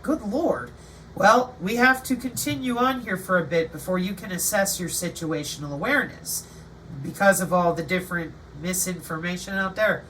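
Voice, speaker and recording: A woman hosting her channel in an animated, sarcastic livestream monologue. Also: medium pitch, recorded from a distance, a little hiss or hum, low-quality recording. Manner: animated, sarcastic, acts out quotes. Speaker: channel host.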